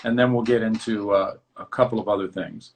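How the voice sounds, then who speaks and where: A man hosting a casual interview, animated and loose, riffing on his theories with plenty of swearing. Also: fairly low pitch, a little fast, a little hiss or hum. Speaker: host.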